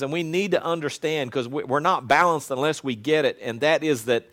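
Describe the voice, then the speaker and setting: A male pastor preaching a sermon in an earnest, conversational way that swells into loud proclamation. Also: a little high.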